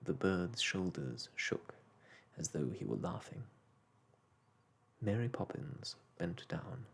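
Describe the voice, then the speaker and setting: A man narrating a children's storybook aloud in a gentle, unhurried bedtime-story manner. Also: low voice, big pitch swings, vocal fry, slightly rough.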